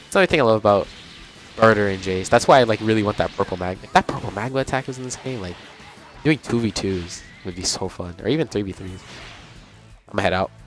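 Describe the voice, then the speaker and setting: A young man giving casual, chatty commentary on a video game as he plays, reacting out loud and laughing often. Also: lowish voice, fast talker. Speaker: gaming channel host. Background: game music.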